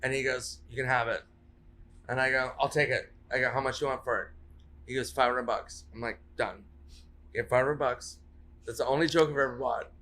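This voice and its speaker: A man's voice: mid-range voice, steady tone, brisk, sharp tone, slight background noise. A man, a comedian guest on a podcast, rambling through comic stories, swearing and laughing at his own punchlines. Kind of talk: casual podcast chat.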